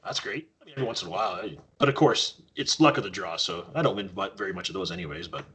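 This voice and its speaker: A man's voice: lowish voice, very fast, slightly rough. A man from Canada, a podcast guest, telling casual stories and acting out quoted lines. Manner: animated storyteller acting out quotes. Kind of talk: casual storytelling.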